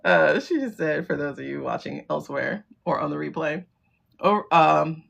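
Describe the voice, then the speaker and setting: A woman's voice: deep voice, lively intonation, moderate pace, gravelly, fairly bright tone, muffled recording. A middle-aged woman hosting a tarot livestream, talking casually and bluntly, swearing and laughing often. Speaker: livestream host doing tarot readings.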